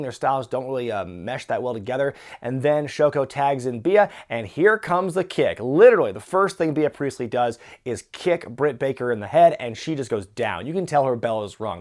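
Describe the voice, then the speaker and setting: Male reviewer, conversational and opinionated, middle-pitched everyday voice. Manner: opinionated, conversational, with frequent fillers. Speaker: wrestling reviewer. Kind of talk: casual review commentary.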